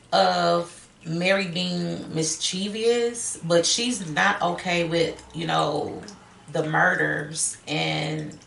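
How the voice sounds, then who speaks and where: A woman's voice: on the low side, gravelly, a bit bright. A woman telling a true-crime story in a casual, chatty way, acting out the quotes of the people in it. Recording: echoey room, faint hiss.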